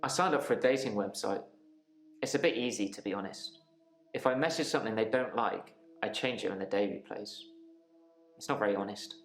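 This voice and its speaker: An actor playing a subdued, regretful patient in a video game, with acted dialogue. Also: male voice, fairly low pitch, fairly quick, reverberant, faint music behind, lightly acted.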